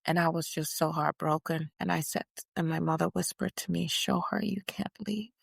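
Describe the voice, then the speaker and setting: A woman playing an older female activist who looks back on her prison years in a first-person interview, telling it with emphatic, measured storytelling. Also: low-pitched, little pitch movement, vocal fry, no echo, clean studio sound, full character voice. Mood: reflective. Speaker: guest portrayed in interview.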